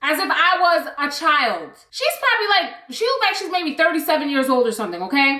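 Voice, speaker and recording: A young woman vlogger telling a storytime story in an animated, blunt way, swearing freely. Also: high voice, brisk, roomy sound. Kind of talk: storytime vlog.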